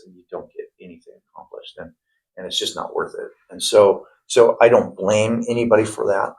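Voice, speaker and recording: Middle-aged guy, low creaky voice, chatty interview guest, lots of um and restarts. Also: rough recording. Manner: rambling, many restarts and fillers. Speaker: guest investor and former plumber. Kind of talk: casual interview conversation.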